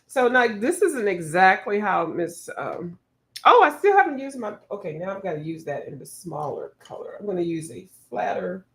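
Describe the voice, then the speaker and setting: Woman host, painting live; unhurried, giggly, swoops high when she laughs. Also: a little hiss or hum. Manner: laughing a lot, reading out chat, teasing. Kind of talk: casual livestream chat while painting.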